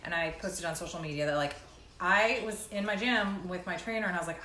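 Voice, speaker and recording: A woman's voice: on the low side, brisk, sharp tone. A woman in her thirties hosting a casual live stream from her condo kitchen, talking in a rambling, chatty way full of "like.". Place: indoors at home in a condo kitchen. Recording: echoey room.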